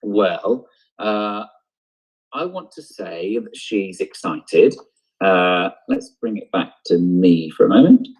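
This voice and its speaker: A man teaches drama over a live stream from home, thinking aloud as he walks through each step. His voice sits low and a little husky, picked up by a computer mic. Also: expressive, slow, darkish tone, poor audio. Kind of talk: online lesson. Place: home, on a video broadcast.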